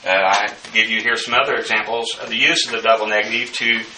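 A man teaching the Bible verse by verse, in a slow, deliberate lecturing manner with frequent fillers. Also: on the low side, flat delivery, pushed and bright, a little hiss or hum. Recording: echoey room, mic at a distance.

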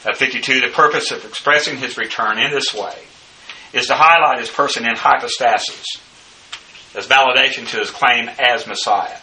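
Bright, halting male bible teacher. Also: medium pitch. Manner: halting, many filler uhs. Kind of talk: bible study lecture reading numbered notes. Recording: distant mic with faint background noise.

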